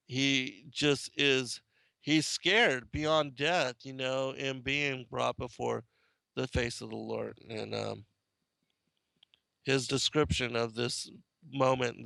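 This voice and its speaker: A man's voice: mid-range voice, creaky, pushed and bright, clear, resonant tone, dry recording. A man hosting a monologue show, talking through passages and reading scripture aloud, with hesitant asides and rising emphasis on exclamations. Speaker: host.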